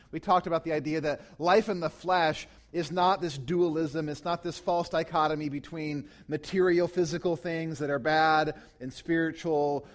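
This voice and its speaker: A man preaching a sermon as pastor, teaching closely from scripture, rising to loud emphatic peaks and falling back to quiet, low passages. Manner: teaching tone, explains grammar of scripture.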